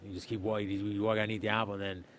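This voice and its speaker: A young man casually telling a story on a stream, swearing often and loudly acting out what people said. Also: lowish voice, very fast, a little hiss or hum. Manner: animated, swearing, acts out quotes loudly. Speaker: streamer, host.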